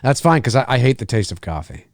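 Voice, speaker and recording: A man's voice: medium pitch, fast talker. A man hosting a casual live movie commentary, swearing as he reacts and reading viewer comments aloud. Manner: animated, profane, reads chat questions aloud. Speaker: host.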